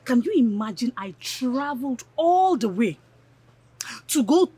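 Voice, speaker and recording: A woman's voice: on the high side, sing-song, a little slow, warm tone, breathy edge, full character voice. A Nigerian actress playing a spiteful, scheming young woman who scolds and insults her friends in a film drama. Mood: aggrieved. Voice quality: scornful, insulting.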